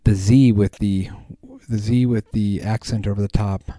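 A man's voice: lowish voice, fairly even intonation, moderate pace, dark tone, no room sound. A man hosting a podcast, chatting casually in a rambling way with many ums and restarts. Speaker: podcast host. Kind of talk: casual chat.

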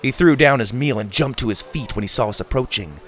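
A man narrating a children's story in a lively, expressive way. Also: mid-range voice, fairly quick. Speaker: audiobook narrator.

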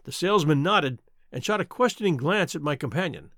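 Expressive male storyteller, lively pitch. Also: no room sound, clean studio sound. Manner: measured storytelling. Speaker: narrator. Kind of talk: scripted audiobook narration.

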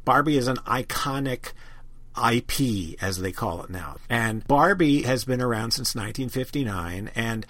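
A man's voice: mid-range voice, moderate pace, a bit bright, dry recording. A man hosting an interview, asking long, enthusiastic, rambling questions. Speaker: podcast host.

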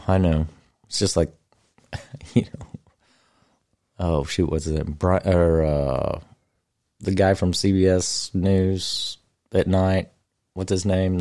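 A man's voice: low-pitched, creaky, dark tone. A man in casual chat, easygoing and agreeable, chuckling along.

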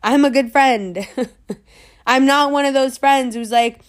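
Profane New woman, higher voice. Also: takes it slowly. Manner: blunt and profane, repeating lines for emphasis. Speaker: vlogger. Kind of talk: casual storytime rant.

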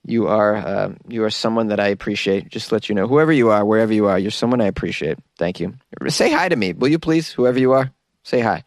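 A man's voice: fairly low pitch, fast talker, dry recording, studio quality. A man hosting a casual solo podcast, chatty and jokey and rambling, who often laughs at his own jokes. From New York. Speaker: podcast host.

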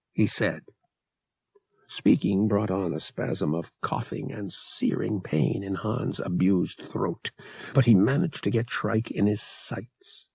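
A man narrating an audiobook in a measured, expressive storytelling manner. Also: fairly low pitch, gravelly, breathy edge, no room sound, studio quality.

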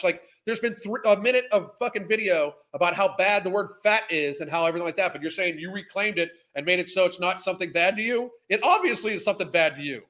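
A man's voice: sits high, quick pace, few pauses, fairly bright tone. A man hosting a podcast, ranting with exasperated disbelief and heavy profanity as he reacts to clips. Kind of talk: ranting commentary.

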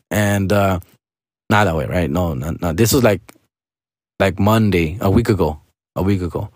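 A man's voice: deep voice, no room sound, studio quality. A man telling a story in a casual, profane, laid-back monologue, slipping in Spanish slang. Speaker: vlog host.

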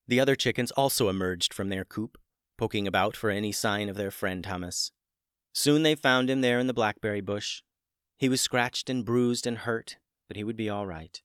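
Low-voiced man reading a bedtime story. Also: normal speed, a bit bright, clean tone, no echo, studio quality. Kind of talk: scripted narration.

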